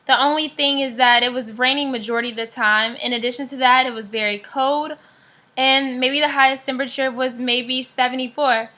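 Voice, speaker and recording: A woman's voice: sits high, fairly even intonation, fairly quick, sharp tone. A young American woman chatting casually in a vlog, upbeat and rambling with frequent fillers. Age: young adult. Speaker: vlogger.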